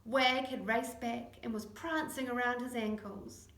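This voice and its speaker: A woman's voice: a little high, measured pace. Woman reading a children's story aloud. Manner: lively, acts out the dialogue. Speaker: narrator. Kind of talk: audiobook reading. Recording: echoey room.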